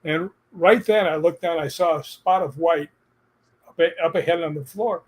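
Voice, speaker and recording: A man telling personal stories in a casual chat, animated and laughing as he goes. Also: on the high side, normal speed.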